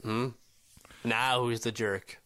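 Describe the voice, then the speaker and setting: A man's voice: medium pitch, fairly even intonation, slow, pushed and bright, smooth. A man co-hosting a casual sports podcast, arguing his points and getting worked up in exasperated rants. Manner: argumentative, rising to exasperated rants. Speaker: podcast co-host.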